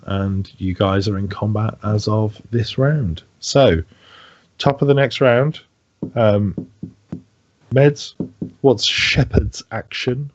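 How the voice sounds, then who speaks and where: A man's voice: on the low side, a little mellow, dry recording, lo-fi sound. A man, dungeon master, narrating a tabletop game in a chatty, rambling way full of fillers. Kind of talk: running a tabletop game, casual chat.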